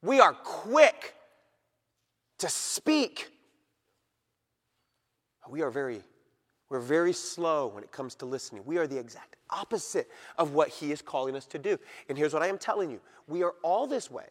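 A male pastor preaching a sermon, speaking straight to his listeners, pressing points with emphasis and slowing down to drop into a hush on key words. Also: fairly high pitch, animated. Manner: addresses listeners directly. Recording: reverberant hall.

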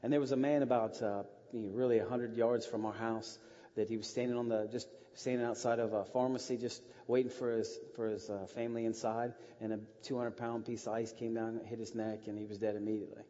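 A man's voice: mid-range voice, level tone, brisk, warm tone. A middle-aged man from Ohio with a slight Russian-tinged American accent, telling stories as a guest speaker at church, folksy and rambling. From Ohio, USA. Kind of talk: church talk, storytelling. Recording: muffled hall recording.

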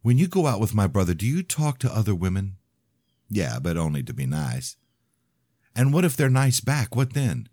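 A man's voice: lowish voice, sing-song, moderate pace, mellow, no room sound, clean studio sound, voice pushed up. A man voicing a distraught young woman in an audiobook, pleading and breaking into tearful outbursts. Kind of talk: audiobook reading.

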